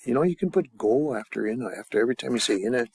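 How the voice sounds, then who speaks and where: A man teaching a language class in a casual way, drilling phrases slowly and chatting loosely between them. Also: medium pitch, lively intonation, gravelly, a little mellow, slight background noise.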